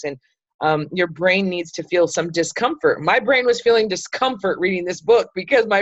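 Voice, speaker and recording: A chatty, enthusiastic middle-aged woman with a fairly low voice leads a group discussion over a video call. She is heard on dull, slightly muffled audio. The sound is dry and close, with no room echo. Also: normal speed. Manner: chatty and enthusiastic, with many fillers. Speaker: group leader hosting a book club call. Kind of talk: casual group talk.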